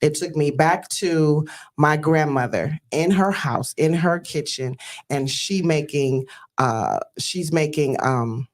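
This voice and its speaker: A woman's voice: low-pitched, takes it slowly. A woman from Detroit hosting a talk show, telling stories in an earnest, emotional way with many fillers. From Detroit, USA. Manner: earnest, storytelling, with frequent fillers; exclaims praise like a church greeting. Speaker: host.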